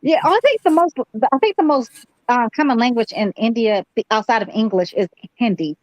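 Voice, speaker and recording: A woman's voice: a little high, brisk, no room sound, low-quality recording. A woman chatting casually on an online panel, slangy and profane. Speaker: panelist on an online boxing chat. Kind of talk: casual group chat.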